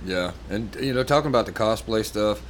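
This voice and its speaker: A man's voice: fairly low pitch, a little fast, a little hiss or hum. A man co-hosting a podcast in casual chat, easygoing and laughing along. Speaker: podcast co-host.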